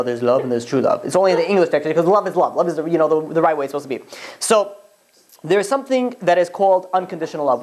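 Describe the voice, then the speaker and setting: A man, a rabbi, teaching a class in a chatty, animated way, telling stories and acting out the quotes. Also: fairly high pitch. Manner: animated, chatty, many fillers and restarts, acts out quotes. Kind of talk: casual classroom lesson with storytelling.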